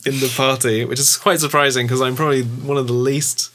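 Casual podcast talker, male, bright voice, rambles with fillers. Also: mid-range voice, little pitch movement, a little fast. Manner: rambling, lots of filler words. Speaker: tabletop game player and game master.

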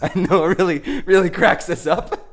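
A man's voice: high voice, lively intonation, normal speed. A man playing an awkward radio talk-show host who fumbles and stammers through an improv comedy interview.

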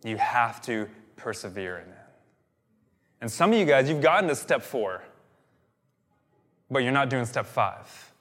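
Energetic male pastor in a reverberant hall. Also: mid-range voice, unhurried, pauses often. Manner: energetic, repetitive, with frequent restarts and fillers. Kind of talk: sermon. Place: church hall.

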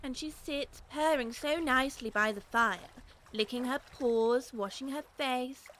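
A woman's voice: sits high, a little slow, fairly bright tone, a little hiss or hum, poor audio. A woman playing Alice, an eager young girl who chatters on and keeps apologizing. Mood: chatty.

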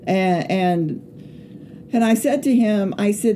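A woman's voice: mid-range voice, slow, warm tone, slight background noise. A middle-aged woman, a pastor's wife, telling a rambling story in casual chat, with many hesitant fillers.

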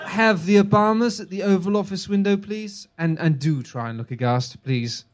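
A man's voice: high-pitched, lightly acted. A man playing a fussy photographer. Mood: bossy. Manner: bossy, hurried instructions. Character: fussy male photographer directing a shoot.

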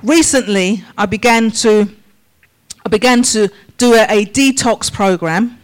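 A woman preaches to her church in an unhurried, deliberate way, leaving space after each question. Her voice sits at a middling pitch. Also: low-quality recording. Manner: slow, measured questions to the congregation. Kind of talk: sermon.

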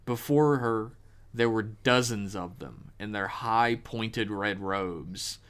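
A man hosting a podcast, reading a horror story aloud with measured, dramatic pauses. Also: on the low side, a bit bright, clean tone.

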